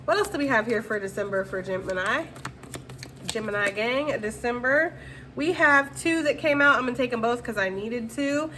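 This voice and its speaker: A woman reads tarot cards for her viewers in a loose, chatty way, sprinkling slang and reassurances between the cards. Her voice is bright and forward, with a faint hiss of room noise behind it. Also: on the high side, expressive, normal speed. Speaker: tarot reader. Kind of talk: casual tarot reading monologue.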